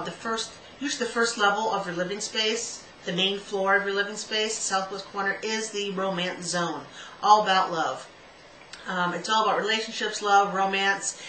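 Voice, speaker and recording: In an echoey room with a faint background hiss, a middle-aged woman chats through a casual love-advice video. She speaks in a pushed, bright mid-range voice, mocking herself and laughing when she fumbles stone names and has to spell them.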